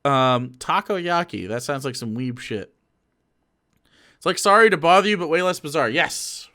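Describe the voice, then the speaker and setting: A man streaming casual commentary into a microphone, loose and profane, swinging between muttered asides and loud rants. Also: a little high, animated, moderate pace.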